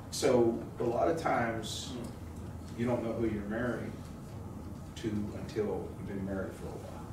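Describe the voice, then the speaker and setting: A man preaching a casual, jokey sermon, telling stories and calling on his congregation to answer back. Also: fairly high pitch. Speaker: pastor. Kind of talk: conversational sermon. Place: church sanctuary. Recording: roomy, distant mic with noise.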